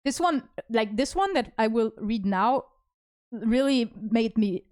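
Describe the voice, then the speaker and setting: A woman's voice: on the high side, expressive, unhurried, a little mellow, dry recording, clean studio sound. A woman streaming as a vtuber, talking casually and rambling with lots of fillers and restarts. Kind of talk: casual stream talk reading chat messages.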